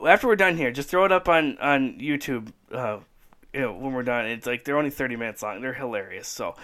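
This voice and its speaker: A man's voice: mid-range voice, animated, a little fast, bright, forceful tone. A man hosting a casual podcast chat, rambling enthusiastically and laughing often. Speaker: podcast host.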